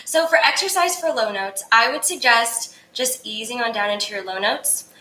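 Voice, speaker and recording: A woman's voice: on the high side, moderate pace, pushed and bright, roomy sound, slight background noise, low-quality recording. A young woman voice coach, upbeat and casual, answering viewers' singing questions and demonstrating exercises.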